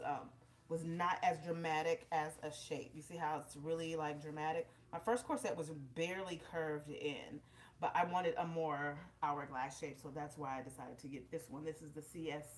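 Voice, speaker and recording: A woman's voice: sits low, echoey room. A woman vlogger, a little out of breath, chatting directly to her viewers while demonstrating on camera at home. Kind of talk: casual vlog, demonstrating on camera. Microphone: camera propped up in front of her.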